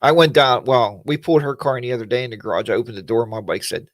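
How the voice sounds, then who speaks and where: A man's voice: mid-range voice, fast, no echo. A man hosting a casual weekly livestream chat, rambling in a folksy way and greeting viewers by name.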